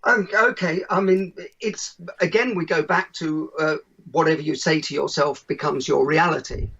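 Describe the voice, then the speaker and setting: A man's voice: on the high side, steady tone, moderate pace, fairly bright tone, slightly rough. A man, a keynote speaker being interviewed as a podcast guest, who talks animatedly and acts out the people he quotes, on a dull lo-fi recording.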